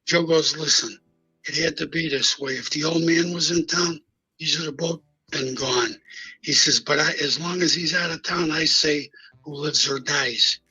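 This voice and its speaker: A man's voice: a little high, fairly even intonation, normal speed, sharp tone, husky, poor audio. An older man, a guest on a live stream, tells a street story bluntly and profanely, acting out each exchange of dialogue. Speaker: guest recounting mob history.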